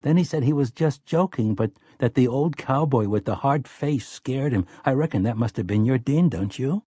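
A man voicing a curious, eager young farm boy, asking soft, eager questions. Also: medium pitch, expressive, normal speed, husky, no echo, clean studio sound, pitched above the performer's own voice.

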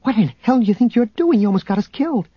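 A man voicing a spirited, sharp-tongued young princess who talks in a sarcastic way, in a dull, dry audiobook recording. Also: mid-range voice, lively intonation, normal speed, husky, no echo. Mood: angry.

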